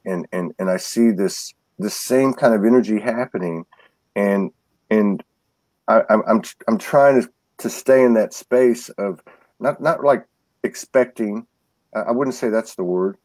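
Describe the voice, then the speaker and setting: A man with a lowish, slightly mellow voice speaks a little slowly as a guest in a casual spiritual conversation, with no echo. He tells stories earnestly, often restarting and repeating words.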